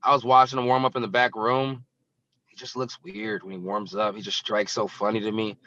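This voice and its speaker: A man's voice: medium pitch, a little fast, vocal fry, sharp tone, highs cut off. A young adult man, a fighter, talking bluntly and casually in an interview, with lots of fillers. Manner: blunt, rambling, filler-heavy. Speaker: guest fighter.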